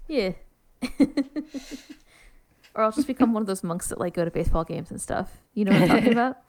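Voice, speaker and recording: A woman co-hosts a relaxed podcast, trading jokes and laughing often. She talks in a loose, playful way and wanders into tangents with her friend. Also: mid-range voice, brisk. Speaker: podcast co-host. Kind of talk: casual chat.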